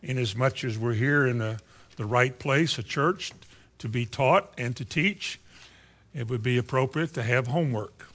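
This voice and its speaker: A man's voice: mid-range voice, normal speed, fairly bright tone. Folksy older man preaching a sermon. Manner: folksy, conversational preaching with rhetorical questions. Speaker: pastor. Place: church.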